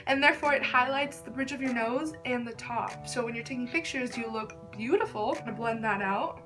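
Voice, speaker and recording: A young woman's slightly high voice moves along fairly quickly, with music in the background, as she does a makeup tutorial. The beauty vlogger is chatty and gushing, leaning constantly on "like" as filler.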